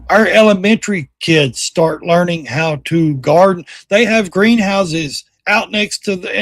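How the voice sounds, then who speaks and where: A middle-aged man hosting a casual livestream, reacting to videos with loud, blunt, slangy commentary. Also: sits high, no room sound, clean studio sound. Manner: loud, blunt, slangy, mocks and quotes the clips.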